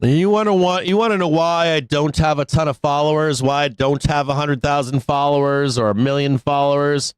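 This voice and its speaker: Blunt, profane trading-stream host, dry sound. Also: male voice, fairly high pitch, steady tone, brisk, few pauses, smooth, no room sound. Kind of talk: casual live-stream rant.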